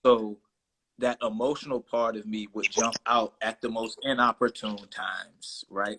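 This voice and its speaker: A man's voice: mid-range voice, expressive, moderate pace, pushed and bright, slightly rough, low-quality recording. A man in his thirties, a guest in a casual interview, speaking candidly and thoughtfully about himself. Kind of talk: casual conversation.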